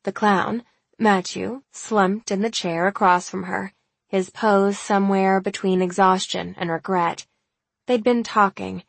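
A woman narrating a first-person novel in a wry, steady way. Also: mid-range voice, gravelly, no room sound. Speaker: audiobook narrator.

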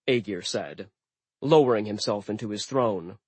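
Male audiobook narrator, wry and deadpan, with a husky voice and a dry, close sound. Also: on the low side, normal speed, no echo. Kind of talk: first-person audiobook narration.

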